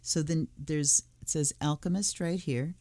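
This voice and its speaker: Speaking with a low, steady, mellow voice at a measured pace, a woman who reads tarot and runs a channel opens a deck and browses the cards. She muses casually aloud as she flips them, and there is no echo.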